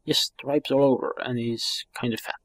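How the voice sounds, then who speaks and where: A man's voice: mid-range voice, fairly even intonation, moderate pace, lightly acted. Man doing an earnest young boy. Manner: earnest, questioning.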